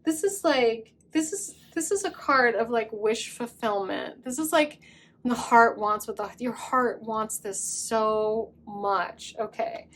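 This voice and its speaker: A middle-aged woman giving a pick-a-card tarot reading, talking fast and gushing with excitement. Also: fairly high pitch. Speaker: tarot reader.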